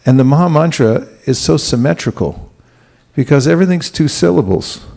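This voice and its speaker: Gravelly, mellow-voiced man teaching. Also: on the high side, moderate pace. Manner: relaxed, asks the audience questions, chuckles. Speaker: spiritual teacher giving a class. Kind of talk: conversational sermon.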